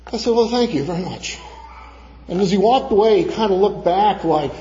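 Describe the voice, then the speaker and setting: A man's voice: sits high, expressive, a little fast, mellow. A man from preaching a sermon, telling a personal story and acting out the other people's voices. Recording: dull sound in a reverberant church hall.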